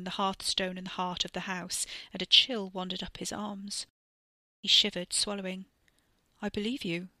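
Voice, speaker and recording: A woman narrating a scripted story with expressive reading. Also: lowish voice, no room sound. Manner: expressive reading with voiced characters. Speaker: narrator and author.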